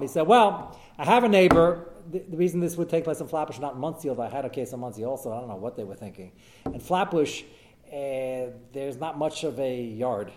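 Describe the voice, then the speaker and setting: A man, a rabbi, giving a Torah class, telling cases with animated storytelling and sprinkling in Hebrew and Yiddish terms. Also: medium pitch, background noise. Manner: talks in short bursts with frequent fillers and restarts. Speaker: rabbi answering questions of Jewish law.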